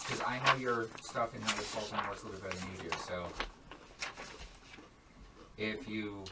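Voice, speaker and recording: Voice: medium pitch, fairly quick. A game master running a tabletop game, explaining rules and teasing the players. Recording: loud background noise.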